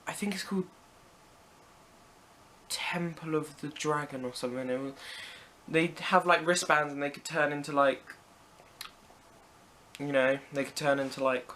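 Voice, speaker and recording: Speaking in a voice on the high side, pushed and bright, a teenage British vlogger takes random questions to camera. He keeps it casual and playful, tossing in jokey asides as he chats.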